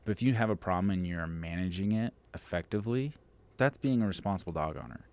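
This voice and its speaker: Male dog trainer, podcast guest, low deep voice, emphatic and outspoken, swears in casual talk. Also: fast talker, darkish tone. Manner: blunt, emphatic, swears freely. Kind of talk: casual chat.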